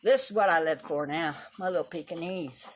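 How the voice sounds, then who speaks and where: A woman's voice: low-pitched, brisk, a little hiss or hum. A woman in her seventies from Texas, chatting casually with livestream viewers in a blunt, opinionated way and swearing freely. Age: 70s. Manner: blunt, opinionated and profane, talking straight to viewers. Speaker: livestream host. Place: at home and in her yard.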